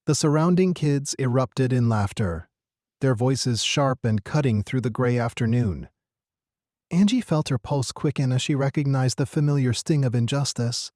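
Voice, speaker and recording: A man narrating a scripted story in a steady, earnest manner. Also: medium pitch, normal speed, dry recording, studio quality.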